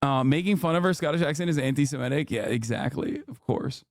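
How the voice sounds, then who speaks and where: A man in his thirties hosts a stream, trading quick, profane, sarcastic commentary. His voice sits a little high, recorded close and dry on a studio mic. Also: no echo. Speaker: streamer host. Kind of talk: casual commentary.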